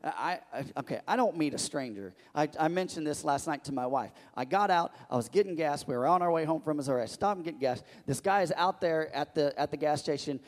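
A middle-aged pastor preaches a sermon in a slightly high voice. He tells stories animatedly, often restarting his sentences. His words ring out with the long reverb of a church hall. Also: brisk, hardly any pauses. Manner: animated storytelling with many restarts.

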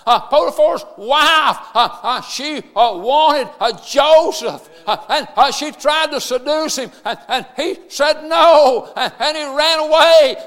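Male pastor, high voice, shouts the sermon, halting "uh" delivery, echoing church. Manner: shouted emphatic preaching, frequent "uh" fillers. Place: church sanctuary. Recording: long reverb of a church hall.

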